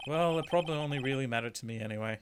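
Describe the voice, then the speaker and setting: A man's voice: mid-range voice, rapid-fire, background noise. A man chatting casually while streaming a game, playful and joking, swearing freely and voicing characters for laughs. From New Zealand.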